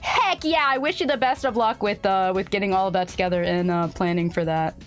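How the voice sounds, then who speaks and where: A woman's voice: mid-range voice, brisk, faint music behind. A young woman streaming live, chatting casually with her viewers, rambling with lots of "like" and laughing often. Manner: rambling, filler-heavy, laughs often, reads chat aloud. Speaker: VTuber streamer.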